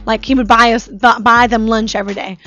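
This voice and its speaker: A woman's voice: on the high side, fairly even intonation, brisk, fairly bright tone, faint music behind. A woman hosting a casual talk show, telling stories in a chatty way full of "like" and "you know". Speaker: host. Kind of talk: casual chat. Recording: dull lo-fi live stream audio.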